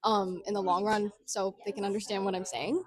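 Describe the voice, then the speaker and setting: A woman's voice: mid-range voice, level tone, brisk. A young woman in her late teens, a college-audition student, talking in a bubbly, emphatic way. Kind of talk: casual chat.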